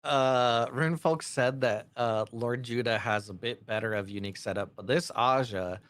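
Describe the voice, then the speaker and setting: A man co-commentating a card game tournament, talking in a halting, easygoing way with many fillers and restarts. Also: mid-range voice, fairly bright tone, dry recording, clean studio sound.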